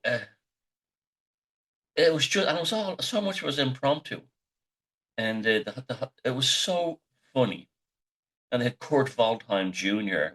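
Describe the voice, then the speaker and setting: A man's voice: on the low side, fairly bright tone. Rambling, sweary man telling stories. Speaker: host. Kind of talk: casual storytelling monologue.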